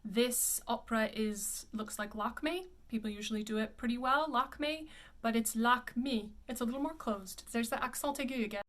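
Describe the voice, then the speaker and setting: A woman vocal coach giving a pronunciation lesson, enunciating carefully and slowing down to model each word. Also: fairly high pitch, steady tone, a bit bright.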